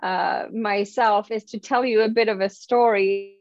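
French accent lady telling stories on a podcast, lively and expressive, sound a bit dull and dry. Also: mid-range voice, unhurried, dry recording. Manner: animated, expressive storyteller with frequent restarts. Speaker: guest, confidence speaker. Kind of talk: casual interview storytelling.

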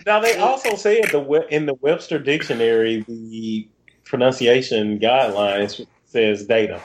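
A man's voice: medium pitch, expressive, measured pace, background noise. A man co-hosting a podcast, telling stories in a rambling, chatty way. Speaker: podcast co-host. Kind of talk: casual podcast chat.

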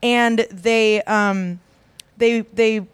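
Chatty woman with a smooth voice. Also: fairly high pitch, steady tone, very slow, no room sound. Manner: rambling, many fillers and restarts. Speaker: podcast co-host. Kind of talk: casual chat.

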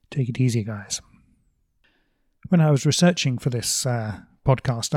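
Male podcast host, measured and lightly wry, warm mellow tone, dry close mic. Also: mid-range voice, dry recording. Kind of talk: scripted podcast commentary.

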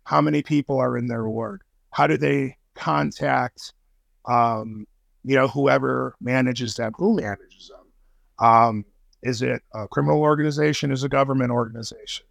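A man's voice: mid-range voice, steady tone, normal speed, creaky, a bit bright, dry recording. A man as a podcast guest in casual interview chat, slangy and profane, with many fillers and restarts. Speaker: podcast guest, intelligence analyst.

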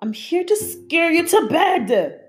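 A woman voicing Cynthia, a rasping, clawed female monster with a proud, indignant temper, in a storybook reading. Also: very high voice, big pitch swings, slow pace, faint music behind, pitched above the performer's own voice, full character voice. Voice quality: raspy.

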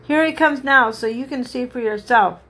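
A woman's voice: moderate pace, bright, forceful tone. A woman voicing a tiny china princess who is frightened and prim, in a storybook reading. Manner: high and frightened.

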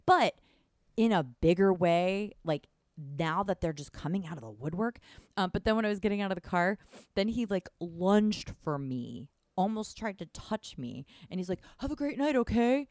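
Chatty, wry woman with a low voice. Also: animated, normal speed, darkish tone, dry recording, studio quality. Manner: chatty, wry, lots of likes and ums. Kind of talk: casual chat.

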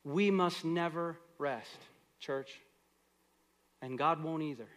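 A middle-aged male pastor delivers a sermon in a slightly raised voice. His preaching is earnest, swelling into loud exhortation and then sinking into soft, hushed prayer. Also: a little high, takes it slowly, pauses often.

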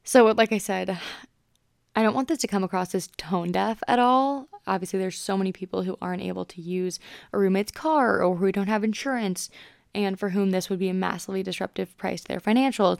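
A young woman in her twenties chats through a solo podcast episode in an easygoing, upbeat way, peppering her talk with "like." Her voice is smooth and resonant but carries a lot of vocal fry. The sound is close and dry. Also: mid-range voice, brisk, no echo. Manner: chatty, upbeat, many "like" fillers. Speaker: podcast host.

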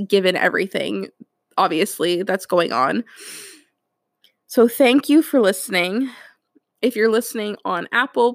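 A woman's voice: mid-range voice, no room sound, studio quality. A young woman hosting a solo podcast, tearful and earnest, laughing through her tears as she speaks. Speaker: podcast host.

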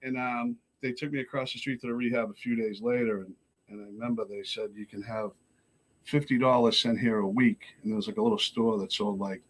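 A man from Lowell, a podcast guest telling his recovery story in a casual chat, animated and blunt, acting out the voices of the people in it. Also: fairly quick. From Lowell, Massachusetts.

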